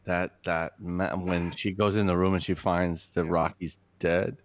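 A man's voice: low-pitched, level tone, unhurried, dry recording, lo-fi sound. A man, a filmmaker guest on a podcast, talking with enthusiastic, profane, gushing energy. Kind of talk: casual film chat.

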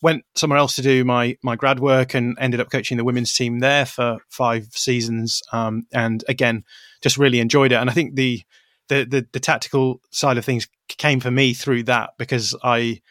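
A man's voice: mid-range voice, little pitch movement, normal speed, fairly bright tone, dry recording. Thoughtful male podcast guest, dry sound. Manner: thoughtful, qualifying his points as he talks. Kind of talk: interview conversation.

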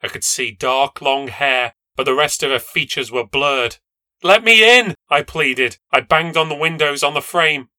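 A man's voice: mid-range voice, fairly even intonation, moderate pace, hardly any pauses, bright, forceful tone, dry recording. A man narrating a first-person ghost story with a tense, dramatic delivery. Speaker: podcast narrator.

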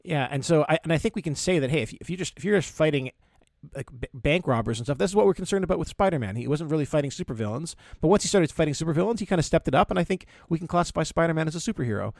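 A man co-hosting a casual podcast chat, talking in halting bursts with many stammered restarts. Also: fairly high pitch, animated, creaky, dry recording, clean studio sound. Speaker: podcast co-host.

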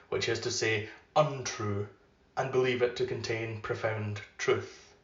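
A man hosting a podcast, giving a measured literary reading and chatting loosely between readings. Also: medium pitch. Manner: measured, unhurried reading; loose and filler-heavy when chatting. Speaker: podcast host reading aloud. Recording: roomy, slightly dull recording.

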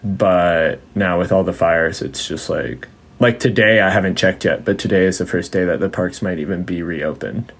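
A man with a low, husky voice speaks at normal speed as a podcast guest, telling stories in relaxed conversation. He rambles with plenty of fillers, laughs, and mimics his mother's voice whenever he quotes her.

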